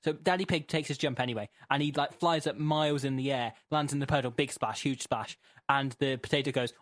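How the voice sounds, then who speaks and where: A young man co-hosting a podcast, telling a comic story as an incredulous, animated rant with laughing asides. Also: medium pitch, fairly quick, no room sound, studio quality. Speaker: podcast co-host.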